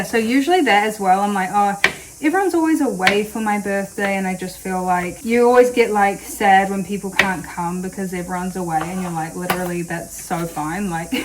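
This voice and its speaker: A New Zealand vlogger in her late 20s chats casually to camera, rambling with lots of fillers. Her voice is medium-pitched, with background noise in the recording.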